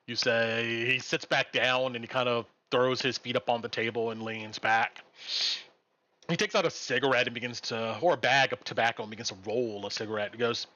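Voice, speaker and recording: A man's voice: medium pitch, a little fast, muffled recording. A man narrating as game master in a live-streamed tabletop game, with plenty of "um"s between descriptions. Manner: animated narration with frequent "um"s.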